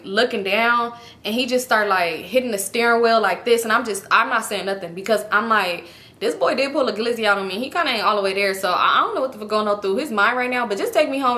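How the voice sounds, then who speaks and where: A woman's voice: mid-range voice, bright, forceful tone. A woman vlogger telling a personal story in a casual, candid and profane way.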